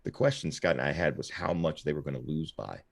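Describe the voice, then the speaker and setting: Deep-voiced man rambling on reflectively. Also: fast, creaky, dry recording. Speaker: guest host. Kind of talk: casual podcast chat.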